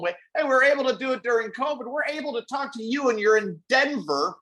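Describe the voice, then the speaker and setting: Brief: male podcast co-host, high and very lively voice, swears freely while ranting. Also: fast, few pauses. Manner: animated ranting with profanity and mock voices. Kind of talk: casual podcast chat.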